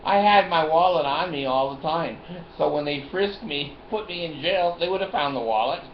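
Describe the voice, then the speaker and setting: A man's voice: on the high side, moderate pace. Older man, rambling storyteller, chuckling, roomy lo-fi sound, faint hiss. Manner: chuckling, storytelling, repeats phrases. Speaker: vlogger.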